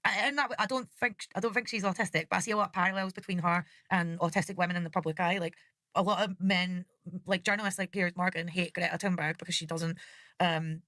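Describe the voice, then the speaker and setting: Woman, lowish voice, bright, dry close mic, frank podcast talk. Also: steady tone, fast talker, no room sound. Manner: frank, opinionated, laughs mid-sentence. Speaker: podcast co-host. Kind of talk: casual podcast chat.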